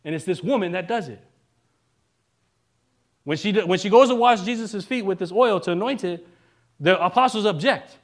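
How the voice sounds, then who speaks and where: A male minister giving a relaxed, conversational sermon, joking now and then and often checking in with the congregation. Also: sits high, moderate pace, pauses often. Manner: casual and joking, keeps asking the congregation "right?".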